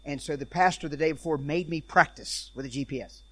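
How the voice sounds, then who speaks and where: Man, preacher, lively storyteller, slightly higher voice, talks to a congregation. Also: brisk, husky. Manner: animated storyteller, acts out quoted voices. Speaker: traveling preacher and speaker on parenting. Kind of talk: church talk with stories.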